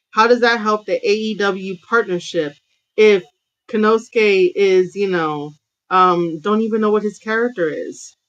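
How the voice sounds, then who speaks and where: A woman hosting a wrestling commentary show, giving her opinions in a casual rant full of fillers and restarts. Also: mid-range voice. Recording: dull lo-fi sound.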